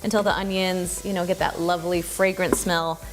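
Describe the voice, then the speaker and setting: A woman's voice: on the low side, moderate pace, heavy background noise. Chatty woman hosting a cooking tutorial. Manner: chatty and relaxed, thinks aloud while cooking. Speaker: cooking channel host. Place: home kitchen.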